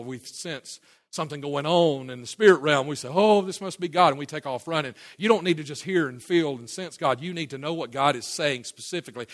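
A man's voice: high-pitched, fairly bright tone. A middle-aged man preaching a conversational sermon to a church audience, folksy, asking the crowd questions and often restarting his words. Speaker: pastor. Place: church before a live audience.

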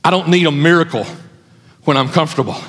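A man's voice: fairly high pitch, quick pace, fairly bright tone, slightly rough. A man preaching a sermon as pastor, emphatic, repeating his phrases for effect. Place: church hall with an audience. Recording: long hall reverb.

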